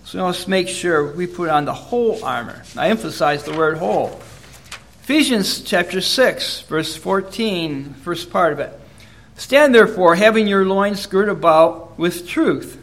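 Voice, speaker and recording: A man with a high-pitched voice delivers a sermon in an earnest, measured way. He reads scripture passages aloud between his own teaching points. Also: fairly bright tone. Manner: measured, earnest, reads verses in King James wording. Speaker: preacher.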